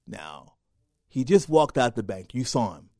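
Man, storytelling host, lively parable, dry close sound. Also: mid-range voice, measured pace, dry recording. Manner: animated, acts out voices in a parable. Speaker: show host. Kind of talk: storytelling talk.

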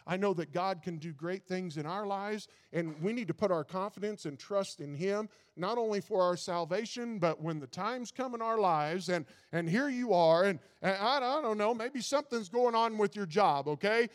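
A man's voice: high voice, lively intonation, moderate pace, hardly any pauses, in a large hall. A man preaching a sermon in a folksy way, often stumbling over and repeating his words. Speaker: pastor.

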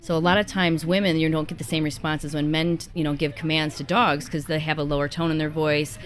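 A woman's voice: sits low, level tone, brisk. Earnest woman giving dog advice. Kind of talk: casual advice talk.

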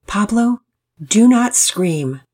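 A woman's voice: mid-range voice, very animated, moderate pace, darkish tone, breathy edge. A woman doing a patient, firm storybook father.

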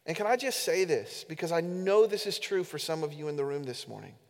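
Pastor guy preaching, pretty high voice, earnest and pushy, big echo in the church. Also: animated, fairly quick. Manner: earnest, emphatic preaching, addressing the congregation directly. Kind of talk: sermon. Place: church sanctuary during a service. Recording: echoey hall with long reverb.

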